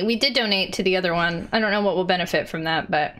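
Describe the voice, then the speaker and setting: A woman giving casual let's-play commentary, chatty and excitable, reading game text aloud. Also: fairly low pitch, fast talker, hardly any pauses, noisy background.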